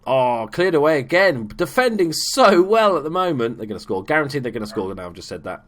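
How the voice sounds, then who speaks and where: A man giving casual, chatty commentary over a football management game, swearing freely and bursting into shouts at big moments. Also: mid-range voice, very animated, fairly quick. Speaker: gaming YouTuber. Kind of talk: casual let's play commentary.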